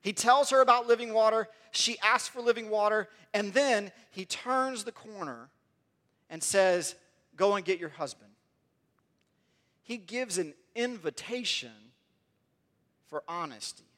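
A man's voice: sits high, measured pace, sharp tone. A man preaching a sermon in an earnest way, often repeating words as he builds toward a point.

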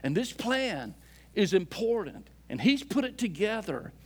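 A man preaching a sermon as a pastor, swinging between loud emphatic lines and soft, low asides. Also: very animated, unhurried, breathy edge. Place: church sanctuary.

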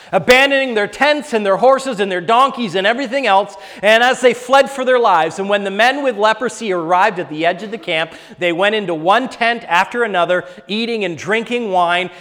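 In a noticeably high voice, a preacher delivers a sermon, swinging between loud, fervent exhortation and soft, hushed retellings of scripture. A long reverb makes his voice ring out as if in a church sanctuary.

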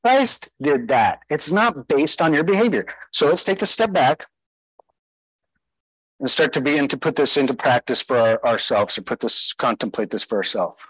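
A man's voice: mid-range voice, animated, moderate pace, fairly bright tone, husky, no room sound, low-quality recording. A man preaching a sermon as pastor, emphatic, putting rhetorical questions to his listeners.

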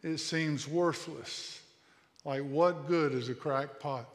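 In his late fifties, this pastor delivers a slow, earnest, insistent sermon, circling back to the same phrases and sometimes restarting mid-word. His voice sits a little high for a man, and a long reverb tail from the church sanctuary follows it.

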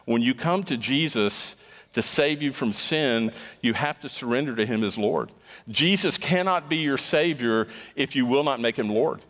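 A man's voice: a little high, a bit bright, big-room sound. A man preaching a sermon as pastor, emphatic and stressing points by repeating words.

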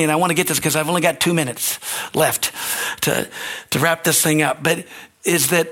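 An older man, a pastor, preaching an earnest, emotional sermon that swings from quiet to shouting. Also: on the high side.

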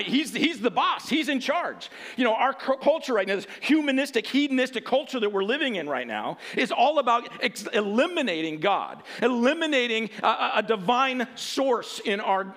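A man preaching a sermon, animated, often laughing and restarting phrases, then reading a passage aloud. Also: sits high.

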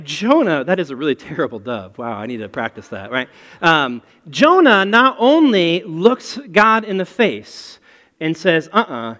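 A man preaching a sermon and telling a personal story in an animated way. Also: sits high. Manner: animated, storytelling with rising excitement. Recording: long hall reverb.

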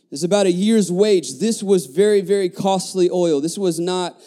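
A man's voice: sits high, moderate pace, hardly any pauses. A middle-aged man from the United States, preaching a sermon in a church and stopping to restart his phrases. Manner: animated preaching with repeated restarts and call-and-response asides. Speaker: pastor. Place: church sanctuary.

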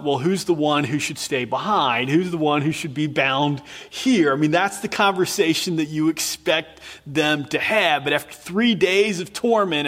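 A man's voice: fairly high pitch, a bit bright, in a large hall. A man preacher in earnest, dramatic storytelling mode, retelling a scripture scene with emphatic repetition.

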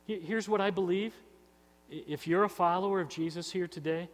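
A man's voice: high voice, brisk, long reverb tail, slight background noise. A man preaching a sermon as pastor, earnest and personal, often repeating words and restarting phrases. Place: church sanctuary.

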